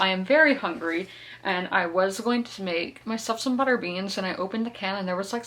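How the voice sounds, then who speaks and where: Bright-voiced woman vlogger. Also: mid-range voice. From South Carolina, US. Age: 20s. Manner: chatty, giggly, talks through her opinions. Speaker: book vlogger. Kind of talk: casual reading vlog chat.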